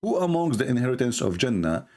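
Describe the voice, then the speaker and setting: A man's voice: medium pitch, big pitch swings, fast, darkish tone. A man giving a sarcastic, mocking monologue as a religious debater, full of scornful rhetorical questions.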